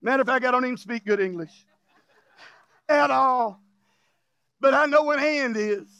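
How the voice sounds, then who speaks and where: A male pastor preaching a fiery revival sermon, often shouting with emotional cries and joking with the congregation in casual, informal grammar. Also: very high-pitched, normal speed, clean tone, no echo, lo-fi sound. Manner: jokes and laughs with the congregation.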